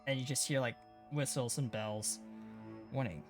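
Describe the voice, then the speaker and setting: A man's voice: medium pitch, steady tone, moderate pace, faint music behind. Man rambling through a tabletop game. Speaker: player.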